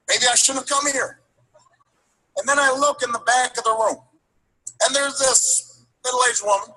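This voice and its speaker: A man with a high, bright voice tells a story in a speech, letting lines build through repetition. The tone has a slightly husky edge, and he sometimes stumbles over his restarts. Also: rough recording. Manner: building, rhythmic delivery with repeated phrases; halting restarts. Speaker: political speaker.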